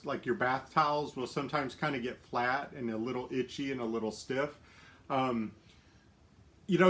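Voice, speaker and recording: A man's voice: mid-range voice, a bit bright. A middle-aged man hosting a casual live stream from his home, chatty and upbeat, laughing often and using plenty of fillers. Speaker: lifestyle livestream host.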